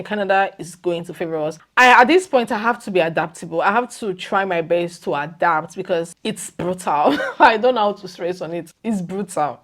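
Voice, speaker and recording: A young woman vlogging casually to her viewers, animated and exclamatory, her voice leaping up when she makes a point. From lives in the UK. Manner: animated and exclamatory, leaps up in pitch when emphatic. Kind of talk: casual vlog chat.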